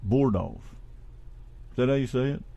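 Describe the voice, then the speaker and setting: Rambling husky Midwestern radio host. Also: male voice, mid-range voice, big pitch swings, normal speed, darkish tone, highs cut off. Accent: American Midwest. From Ohio. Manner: rambling, swears casually. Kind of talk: casual radio chat.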